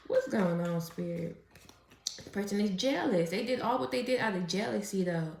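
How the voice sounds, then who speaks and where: A woman's voice: mid-range voice, lively intonation, normal speed, gravelly, darkish tone, slight background noise. A woman doing a casual tarot reading, chatty and profane, who laughs often as she talks. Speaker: tarot reader. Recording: roomy echo.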